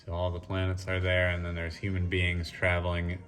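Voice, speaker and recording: A man giving a casual walk-through of his own art show, explaining his works in a relaxed, rambling way with frequent restarts. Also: deep voice, brisk. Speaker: artist giving a gallery tour. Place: art gallery show room. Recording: echoey room from a distance with faint music.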